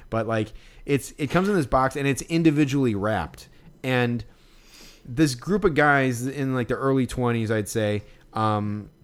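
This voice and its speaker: A man telling a long story in casual chat, rambling and swearing freely as he goes. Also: medium pitch.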